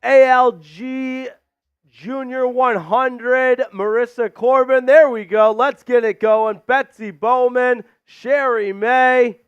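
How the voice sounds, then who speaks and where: Winded, high-voiced man hyping a live stream. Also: fairly even intonation, slow, clean tone, no echo, highs cut off. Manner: hyped, shouting out chat names. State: out of breath. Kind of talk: energetic live stream chat. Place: studio.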